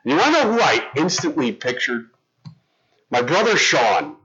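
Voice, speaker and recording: A man's voice: a little high, sing-song, normal speed, pushed and bright. A middle-aged man preaching as a pastor, storytelling in a casual, conversational way with frequent restarts. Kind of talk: sermon. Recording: dull lo-fi sound.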